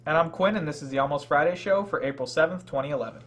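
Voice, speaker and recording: A man's voice: a little high, racing, a bit bright. A young man co-hosting a casual podcast, with wry, dry humor. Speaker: co-host. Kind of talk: casual chat.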